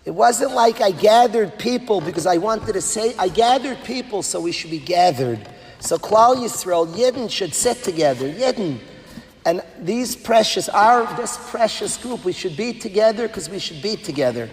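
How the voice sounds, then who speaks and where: A man giving an impassioned sermon as a rabbi, swinging between hushed words and loud, sing-song passages. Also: sits high, expressive, normal speed. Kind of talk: sermon to an audience of educators. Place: large hall at an event. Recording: long hall reverb, faint background noise.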